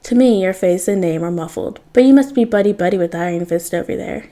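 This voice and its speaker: A male vampire hunter with a British accent and a dry, drawling delivery, as a woman reader puts him on. The tone stays mellow and unhurried. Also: lowish voice, close to an everyday voice.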